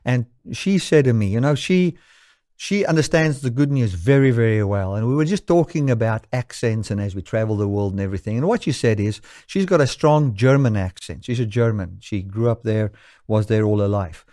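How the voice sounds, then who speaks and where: A man from South Africa preaching a sermon, earnest, slowing down to stress key lines. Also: mid-range voice, expressive, dark tone, no room sound, clean studio sound.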